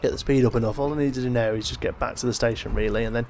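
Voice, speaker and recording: A man hosts a let's play in a racing, medium-pitched voice, yawning and tired. His casual gameplay commentary is relaxed and chatty, as if he's just thinking aloud while he plays.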